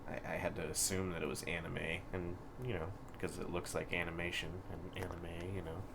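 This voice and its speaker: A man with a very low voice rambles through his thoughts, full of "like" and "you know", jumping up in bursts of energy. A faint hum of room noise sits behind him. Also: fairly quick. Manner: rambling, filler-heavy, animated bursts. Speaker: co-host. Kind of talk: casual chat about games and comics. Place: comic shop.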